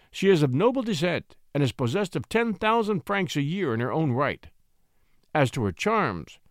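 A man's voice: fairly high pitch, no room sound. Brief: male reader doing an imperious aristocratic uncle, curt and commanding, dry close sound. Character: domineering aristocratic older male uncle, mocking.

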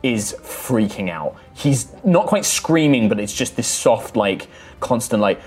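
A man's voice: on the low side, expressive, moderate pace, a little mellow, faint music behind. A man narrating as game master of a tabletop game, in a loose, conversational way.

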